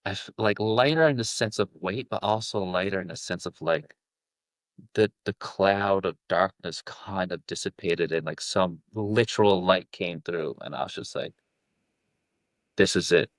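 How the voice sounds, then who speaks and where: Low-voiced man telling his story haltingly. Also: no echo. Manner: halting, many restarts and "like" fillers. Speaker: self-love coach, guest. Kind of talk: emotional personal storytelling.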